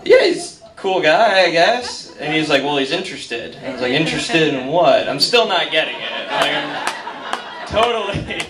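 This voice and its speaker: A man's voice: a little high, very animated, normal speed, crowd noise. A man telling a self-deprecating comic story on stage in a bar, quoting people in voices, with the audience laughing. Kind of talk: live stand-up storytelling. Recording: roomy, distant mic, noisy bar.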